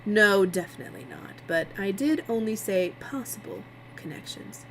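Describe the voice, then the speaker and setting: A woman's voice: mid-range voice, animated, normal speed, slight background noise, natural voice, poor audio. A woman voicing a smug male TV producer, sarcastic and needling.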